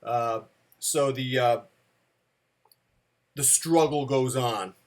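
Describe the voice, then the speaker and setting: A man's voice: medium pitch, drawn-out words. Rambling, self-deprecating man in his fifties. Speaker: vlogger, storyteller. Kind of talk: casual storytelling monologue. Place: at home. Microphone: camera.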